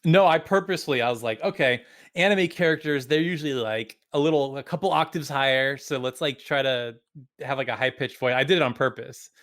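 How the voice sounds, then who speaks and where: A young man chatting casually as a game reviewer, relaxed, with many fillers and frequent laughs. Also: medium pitch, a little fast. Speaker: game reviewer and video creator. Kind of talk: casual podcast chat.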